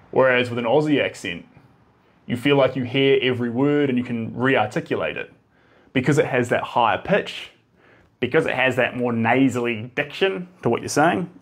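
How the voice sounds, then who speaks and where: A chatty New Zealand man in his thirties with a medium-pitched voice hosts a live stream while painting. He rambles casually, reads out viewer comments with laughs, and describes his own voice as a monotone drawl.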